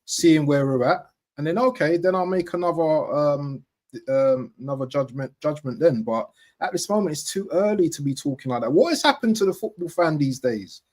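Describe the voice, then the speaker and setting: A man hosting a casual football podcast, talking with animated emphasis and repeating his points. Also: a little high, moderate pace. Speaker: podcast host.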